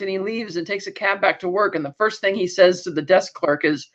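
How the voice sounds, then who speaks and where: A woman co-hosting a podcast, telling the plot in a lively, casual way. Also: mid-range voice. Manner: lively storytelling, quickly recapping plot. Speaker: podcast co-host. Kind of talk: casual podcast episode recap. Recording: dull lo-fi sound.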